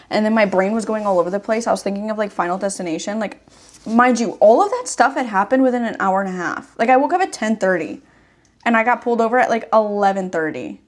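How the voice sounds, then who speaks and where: A woman's voice: mid-range voice, animated, fairly quick. A young woman, hosting a podcast and telling a long story in a rambling way, with lots of "like". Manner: rambling storytelling, heavy use of "like". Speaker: podcast host. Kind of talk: casual chat.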